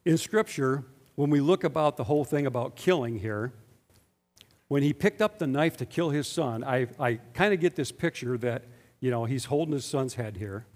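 A pastor delivers a sermon in a mid-range, slightly mellow male voice at a moderate pace. He speaks emphatically and keeps putting rhetorical questions to the congregation, and a long hall reverb trails his words.

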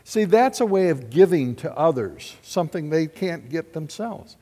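A man, a pastor preaching a lively, conversational sermon full of rhetorical questions. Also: fairly high pitch, moderate pace, big-room sound.

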